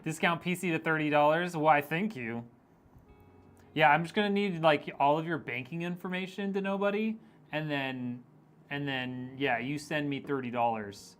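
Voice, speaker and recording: A man's voice: on the high side, moderate pace, fairly bright tone. A man streaming a PC build, chatting casually and reading viewer comments aloud with a joking, teasing manner and frequent laughs.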